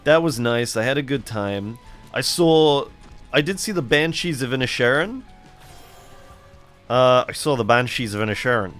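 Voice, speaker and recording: A middle-aged man drifts through loose, rambling gameplay commentary at an ordinary, mid-range pitch. His talk is laid-back and full of chatty asides. Faint game music plays beneath his voice. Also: expressive, a little slow, pauses often, a bit bright. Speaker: let's play host.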